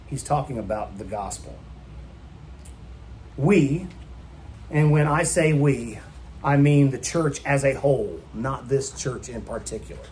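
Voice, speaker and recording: A man's voice: medium pitch, unhurried, long pauses, a little mellow, a little hiss or hum. A man preaching a sermon in a church, emphatic and full of rhetorical questions put to the congregation. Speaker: pastor.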